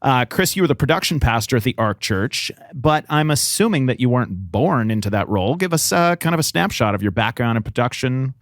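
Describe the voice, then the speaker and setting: A man co-hosts a casual podcast, asking loose, rambling questions and cracking jokes. Half his mouth is numb from a dental injection. His voice sounds dry and close, at a middle pitch. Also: lively intonation, fairly quick, hardly any pauses, dry recording. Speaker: podcast co-host.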